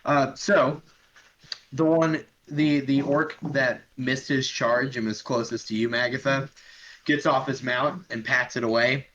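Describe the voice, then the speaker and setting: A man running a tabletop game as dungeon master, narrating with a relaxed, joking manner. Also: mid-range voice, unhurried. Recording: dull lo-fi mic with faint hiss.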